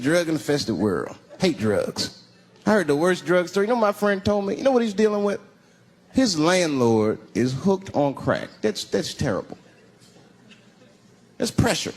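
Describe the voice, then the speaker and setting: A man's voice: high-pitched, big-room sound. A male stand-up comedian telling stories in a loose style and drawing out his punchlines. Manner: loose, storytelling delivery with drawn-out punchlines. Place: comedy stage before a live audience. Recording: live stage recording with crowd and noise. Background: audience laughter.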